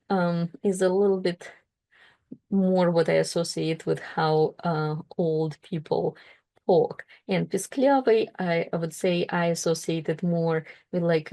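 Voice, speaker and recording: A woman works through a book, reading passages aloud and explaining them with careful asides. Her voice sits low and mellow, with a gravelly fry on it. She pauses and corrects herself as she goes. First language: Russian. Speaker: Russian language teacher.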